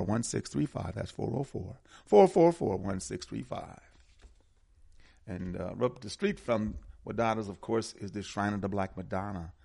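Man, low gravelly voice, husky, casual host reading community announcements, repeats details. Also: dark tone. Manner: conversational, repeats details and phone numbers. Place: Atlanta area.

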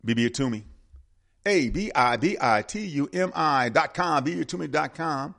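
A man's voice: on the high side, animated, moderate pace, creaky, fairly bright tone. A man hosting community announcements, talking casually and repeating the details and phone numbers. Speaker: community radio host. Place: Atlanta area.

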